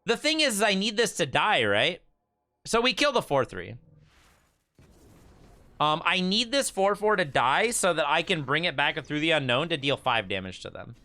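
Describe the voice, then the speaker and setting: A man's voice: fairly high pitch, very animated, moderate pace, sharp tone, dry recording. A young man with a Michigan accent, chatting casually to his stream while playing a card game, often stammering and repeating words. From Michigan, USA. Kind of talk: casual gameplay streaming chat.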